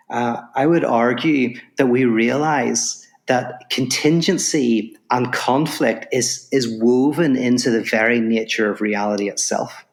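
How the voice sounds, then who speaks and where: A man, the guest on a podcast interview, talking fast and telling stories while explaining ideas. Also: medium pitch. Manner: animated storyteller, quick explanations. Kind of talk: podcast interview, storytelling and philosophy.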